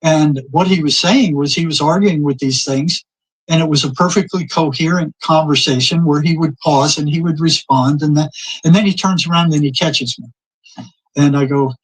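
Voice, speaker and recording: A man's voice: fairly high pitch, fairly even intonation, moderate pace, poor audio. An older man telling long personal stories in casual conversation, often repeating words and acting out what people said. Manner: rambling anecdotes, repeats words, acts out quoted exchanges. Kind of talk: casual storytelling.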